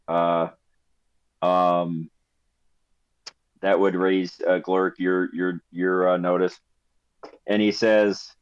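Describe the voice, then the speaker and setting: A man narrating as game master, unhurried and full of fillers and restarts as he describes the scene. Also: low-pitched, flat delivery, smooth, no room sound. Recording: slightly dull lo-fi audio.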